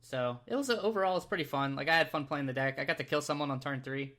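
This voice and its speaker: A man's voice: medium pitch, quick pace, a bit bright. A man with an American accent co-hosting a casual podcast, easygoing and self-deprecating, laughing often. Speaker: podcast co-host.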